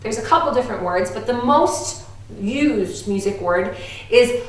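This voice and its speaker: A woman with a fairly high, lively voice speaks a little slowly as she teaches an online music lesson to young children. She sounds upbeat and playful, using an exaggerated teacher voice. The recording comes from far off the mic in a very echoey room.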